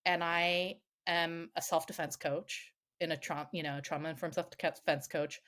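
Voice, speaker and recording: A middle-aged woman recounts a family blowup with animated energy, cursing freely and slipping into the voices of the people she quotes. Her voice sits a little low for a woman. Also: measured pace. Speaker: podcast guest. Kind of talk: candid storytelling.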